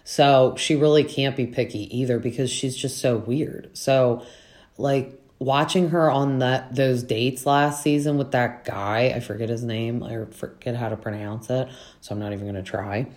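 A talkative podcast host recapping reality TV in loose, casual chat. The voice sits at an ordinary middle pitch. The host sounds frank and opinionated and leans on filler words throughout. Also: steady tone, normal speed, darkish tone. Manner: chatty and opinionated, with many "like" fillers.

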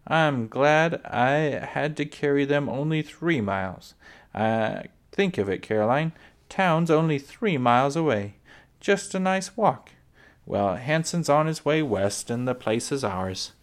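A man's voice: mid-range voice, animated, a little slow, voice pushed up. A man reading aloud, voicing a cheerful, kind pioneer father who speaks heartily. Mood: hearty.

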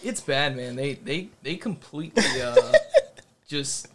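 A man co-hosting a podcast, chatting casually in a relaxed, joking way. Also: on the high side, takes it slowly, a crowd in the background. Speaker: podcast co-host. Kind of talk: casual chat.

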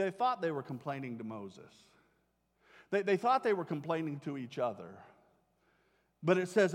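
Male pastor, high voice, animated sermon delivery that acts out quotes; church recording with long reverb.

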